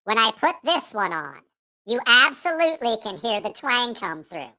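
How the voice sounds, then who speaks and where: A man's voice: very high-pitched, big pitch swings, normal speed, bright, forceful tone, pitched above the performer's own voice, full character voice. A man putting on a twangy "bad voice" with a Southeast Ohio accent, talking casually on a livestream. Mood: drawling. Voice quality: strong rural twang. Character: man's twangy put-on "bad voice", higher and slow.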